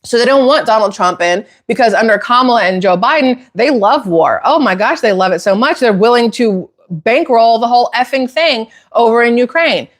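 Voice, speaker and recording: A woman hosting a casual opinion talk for viewers, heated and emphatic, climbing into outraged near-shouts. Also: a little high, lively intonation, normal speed, hardly any pauses. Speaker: political commentary host.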